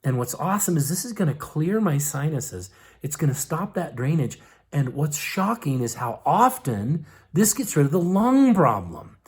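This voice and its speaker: A man's voice: a little high, big pitch swings, normal speed. A man giving a casual, folksy hands-on health lesson, with lots of fillers and "okay?" check-ins. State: eyes tearing up from ointment vapors. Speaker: herbal health teacher.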